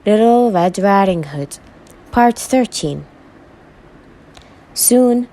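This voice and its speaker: A woman with Arabic as her first language, teaching English by reading a story aloud and saying each vocabulary word twice, clearly and carefully. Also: medium pitch, expressive, extremely slow, pauses often, a little mellow, rough recording. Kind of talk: slow read-aloud English lesson.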